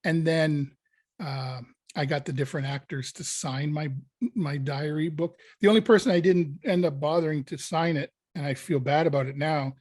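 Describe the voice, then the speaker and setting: A male actor in an interview, telling a lively anecdote and acting out his own panic. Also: on the high side, normal speed, no room sound. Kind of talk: casual storytelling interview.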